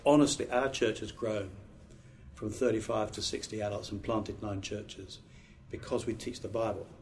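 Middle-aged British man, pastor-trainer, low-pitched, earnest and emphatic, casual restarts. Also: steady tone, normal speed, darkish tone, a little hiss or hum. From Britain. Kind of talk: training talk on preaching.

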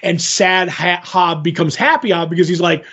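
A man in casual podcast chat, retelling comic scenes with quick quoted lines. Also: high voice, a bit bright, breathy edge, lo-fi sound. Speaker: podcast co-host.

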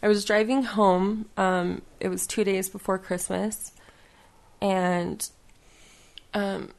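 A woman talking casually as a podcast guest, rambling and halting with many fillers and restarts. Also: medium pitch, level tone, creaky. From western United States. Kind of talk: casual conversation.

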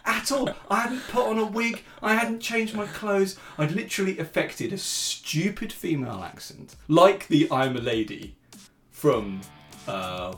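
A man tells a funny family anecdote in a lively, fairly high voice that swings widely in pitch. He stammers and restarts as he goes. The room gives the voice a roomy echo. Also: a little slow, soft background music. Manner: animated, stammering repeats, laughs often. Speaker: father, podcast guest. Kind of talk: casual anecdote.

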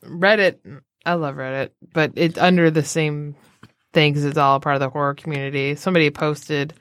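A woman co-hosting a podcast in casual chat, wry and quick with quips. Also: low voice, steady tone, no echo, studio quality. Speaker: podcast co-host.

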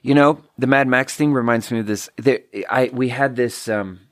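A man's voice: mid-range voice, moderate pace, no room sound, studio quality. A man from Sweden, telling a rambling story in a casual solo monologue full of "like". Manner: casual, meandering, lots of "like".

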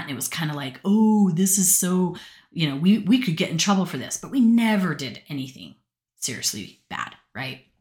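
A woman from Utah telling personal stories from her notes in a chatty, rambling way, often breaking into laughter and asides. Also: lowish voice. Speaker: podcast storyteller. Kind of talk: casual personal storytelling.

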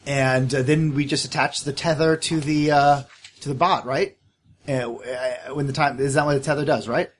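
A man's voice: medium pitch, steady tone, normal speed. A man playing a tabletop game, laying out a plan in a rambling, self-correcting way. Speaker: player.

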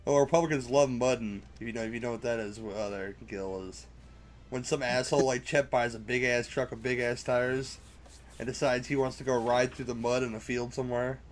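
A man's voice: medium pitch, fairly even intonation, fairly quick, slight background noise. A man hosting a casual movie commentary, talking loosely and crudely and joking often. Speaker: podcast commentary host.

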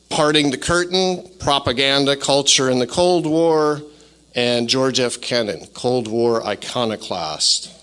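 A man gives a formal introduction of a guest speaker at a conference, stopping now and then on "uh." His voice is bright and clear. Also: mid-range voice. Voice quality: reads with "uh" fillers.

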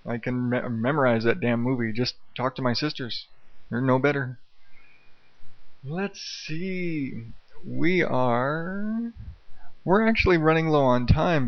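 A man's voice: mid-range voice, dry recording, dull audio. Male solo podcast host, rambling and profane, self-mocking; dry, close sound through an old karaoke mic at home. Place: untreated room at home, late at night. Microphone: old dynamic karaoke microphone.

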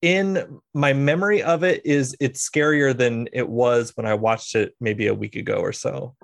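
Gravelly-voiced man hosting a film chat. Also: medium pitch, fairly even intonation, normal speed, no room sound. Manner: rambling storyteller, many fillers and restarts. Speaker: podcast host. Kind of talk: casual film discussion.

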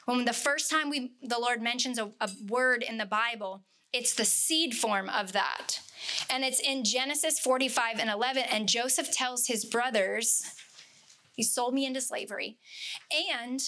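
A woman's voice: a little high, moderate pace, sharp tone. A woman leading a casual Bible study, earnest and conversational, repeating words for emphasis.

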